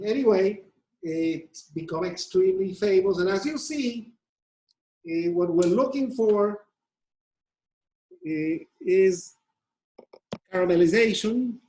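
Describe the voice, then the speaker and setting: Unhurried baking presenter, halting delivery, methodical, mid-range pitch. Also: darkish tone, poor audio. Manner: hesitant, many fillers and restarts; methodical, explains step by step. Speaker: pastry demonstrator. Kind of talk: live cooking demonstration.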